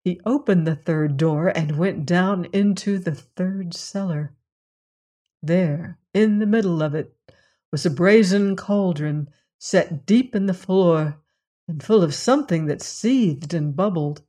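A storyteller reading a fairy tale aloud in a slow, measured manner. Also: medium pitch, dark tone.

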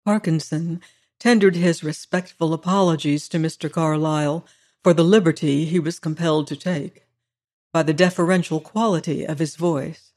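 A narrator reading a classic story aloud in an even, measured way. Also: mid-range voice. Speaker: audiobook narrator.

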